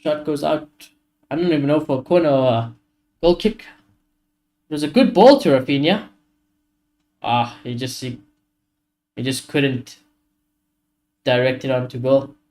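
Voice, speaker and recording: A man hosting a live football watchalong stream, reacting to the match with excitable, frustrated commentary, swearing often and talking to his chat. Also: medium pitch, a little slow, long pauses.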